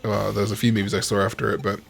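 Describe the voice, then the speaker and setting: A young man with a British accent, chatting casually about a game, laid-back and quick to swear and laugh. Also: on the low side, level tone, gravelly. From Britain. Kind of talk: casual chat while playing a game.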